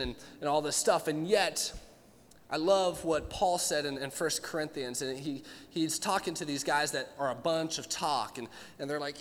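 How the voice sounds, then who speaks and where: A man's voice: on the high side, moderate pace, long reverb tail. A man preaching a sermon in an earnest, conversational way, acting out quotes and questions. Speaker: pastor.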